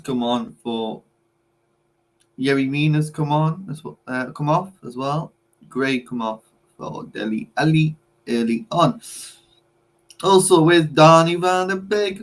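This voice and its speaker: A young man with a fairly high voice talks casually on a football watchalong stream. He teases the rival fans and repeats his jabs in a chanting way. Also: takes it slowly. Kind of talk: casual banter.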